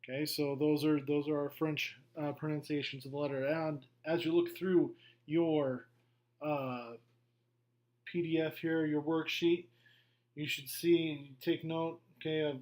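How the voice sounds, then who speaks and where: A middle-aged man teaching a beginner language lesson, going slowly through a worksheet, patient and repetitive with frequent okays. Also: on the high side, level tone, darkish tone. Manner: slow, patient, repeats himself with many okays. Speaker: French teacher. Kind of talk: classroom lesson walkthrough.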